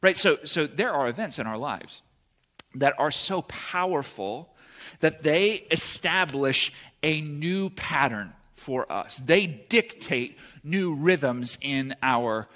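A young man preaching a sermon in a casual, conversational way, often checking in with his listeners with a quick "right?". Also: a little high, animated, bright, forceful tone.

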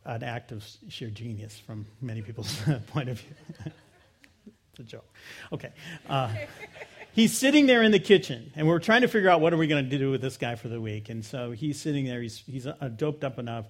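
A middle-aged man preaching a sermon, telling a personal story and swinging from loud emphasis to quiet, low asides. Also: animated, normal speed. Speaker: pastor.

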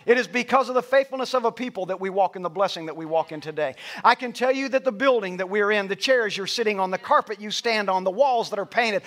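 High-voiced preaching pastor. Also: male voice, quick pace, hardly any pauses. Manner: builds to loud passionate preaching, then drops to soft storytelling. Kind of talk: sermon. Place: church auditorium with stage lights.

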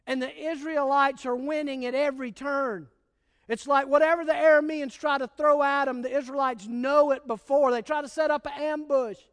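A man's voice: extremely high pitch, fairly even intonation, moderate pace, in a large hall. A man preaching a sermon as pastor, telling stories in a casual, emphatic way.

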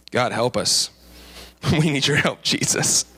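A man preaching a sermon in church, lively and playful, often acting out the voices of the people he describes. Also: mid-range voice, slightly rough. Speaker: pastor.

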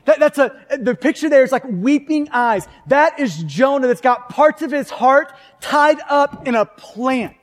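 A man's voice: very high-pitched, expressive, a little slow, hardly any pauses. A man preaching a sermon, talking conversationally and asking the congregation rhetorical questions. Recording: long hall reverb.

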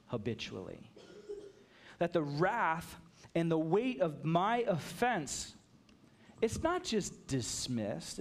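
A middle-aged man preaches in a relaxed, conversational way, slipping into brief acted-out exchanges between people. His voice sits a touch higher than most men's. It is a pastor's sermon delivered like talking to friends. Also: slight background noise. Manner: conversational preaching, acts out little dialogues.

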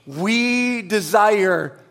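A man preaching a sermon in an earnest, conversational way, swinging between emphatic peaks and quiet low passages. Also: animated, extremely slow, vocal fry. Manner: conversational with tag questions and restarts. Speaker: pastor.

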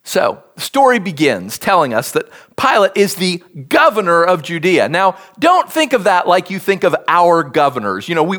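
Lively, high-ish voiced male preacher. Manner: animated, leads congregation through text. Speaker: pastor. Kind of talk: sermon with scripture reading.

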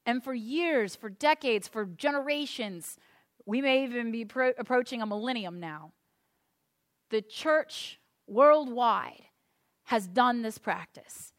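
A woman's voice: sits high, bright, forceful tone. A woman pastor preaching a sermon, earnest and emphatic, often repeating a point for weight.

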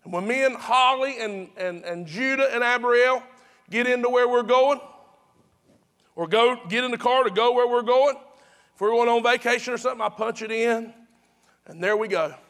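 A man's voice: very high voice, moderate pace, a bit bright. A pastor preaching to his congregation in a chatty, repetitive way, with emphatic restarts. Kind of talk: sermon.

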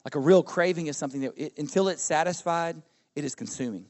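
A middle-aged man, a pastor preaching a sermon in a relaxed, conversational way, often asking the congregation questions. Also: fairly high pitch, quick pace. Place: church service.

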